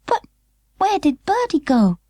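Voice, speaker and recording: A woman's voice: very high-pitched, very animated, unhurried, warm tone, no echo, voice pushed up, exaggerated voice. A woman voicing a small girl who speaks bluntly and earnestly. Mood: worried. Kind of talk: audiobook character voice.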